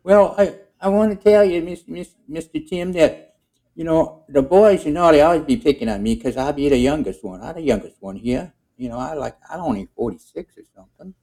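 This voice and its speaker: Gullible Gus, a high whiny pushover. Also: male voice, dark tone. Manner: high, rushed, whiny telling. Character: youngest man of the group, gullible and picked on.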